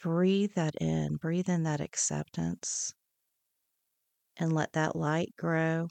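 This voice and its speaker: Woman, meditation guide, soothing repeated cues, very unhurried, dry close sound. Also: deep voice, flat delivery, gravelly, darkish tone, no room sound. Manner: slow, soothing, repetitive instructions. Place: podcast studio.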